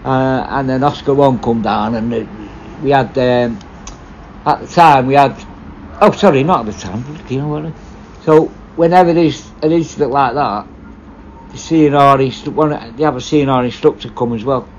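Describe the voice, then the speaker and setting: A former prison officer telling stories casually, blunt and full of swearing, rambling and restarting. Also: male voice, medium pitch, normal speed, highs cut off, a little hiss or hum. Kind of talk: casual storytelling.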